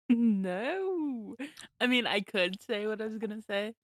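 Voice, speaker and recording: A woman's voice: mid-range voice, fairly even intonation, a little fast, a bit bright, no echo, studio quality. A young woman co-hosting a casual podcast, giggling and rambling with lots of filler words. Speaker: podcast co-host. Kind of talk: casual chat.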